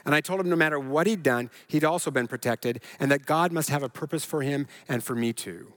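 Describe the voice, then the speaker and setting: A man's voice: on the high side, brisk, fairly bright tone. A male pastor delivering a sermon in an earnest preaching manner that builds to emphatic repetition.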